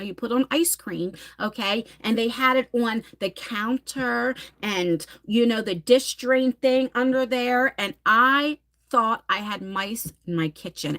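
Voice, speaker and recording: A woman's voice: medium pitch, fairly bright tone. A woman in her forties chatting on a live stream, reading comments and telling stories dramatically, swearing casually. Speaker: livestream host.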